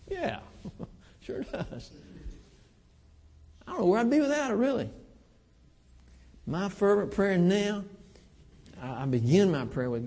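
A gravelly, husky man in his fifties preaches a sermon, folksy and earnest, his pitch rising and falling widely. He slows down to press a point home. His voice carries a long hall reverb, as if in a church sanctuary. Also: big pitch swings, darkish tone. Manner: folksy, earnest preaching with slow emphatic pauses.

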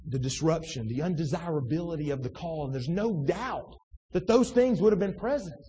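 A man's voice: high-pitched, a little mellow, breathy edge. A man preaching a sermon in a loose, conversational way, reading scripture and then talking it over with many restarts and asides. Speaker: pastor. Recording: distant in a reverberant hall.

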